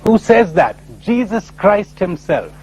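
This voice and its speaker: A man's voice: high voice, slow, a little hiss or hum, low-quality recording. A man giving a spiritual lecture full of stories, told in a playful, emphatic way. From India. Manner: animated storyteller, playful and emphatic. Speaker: spiritual speaker.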